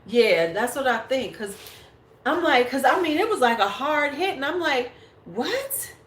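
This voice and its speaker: A woman's voice: sits high, expressive, normal speed, slight background noise. A woman in her forties hosting a beauty livestream, chatting casually and bluntly with viewers and swearing freely. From United States. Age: 40s. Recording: echoey room.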